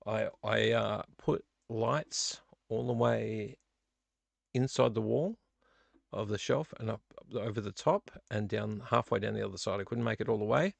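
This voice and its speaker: Brief: middle-aged man, gravelly, rambling live-stream host, dry close sound. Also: on the low side, a little slow, dry recording. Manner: rambling, chatty, self-deprecating. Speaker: vlog host. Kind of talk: casual live-stream chat. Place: home studio room.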